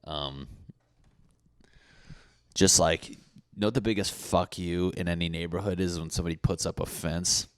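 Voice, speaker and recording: A young man hosting a solo comedy podcast, swearing and riffing, acting out angry neighbors in loud mock voices. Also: deep voice, steady tone, normal speed, long pauses, no room sound. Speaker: podcast host.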